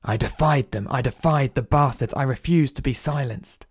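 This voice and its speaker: A man's voice: medium pitch, normal speed, slightly rough, no echo, studio quality, pitched above the performer's own voice, close to an everyday voice. A man playing an agitated, defiant prime minister in an audio drama, indignant and insistent.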